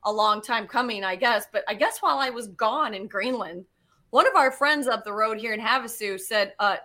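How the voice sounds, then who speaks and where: Woman rambling through a story, lots of "like", swears a bit, bright tone. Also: on the high side, moderate pace. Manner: animated, chatty, swears freely, many "like" fillers. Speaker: podcast guest, geologist. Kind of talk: casual storytelling.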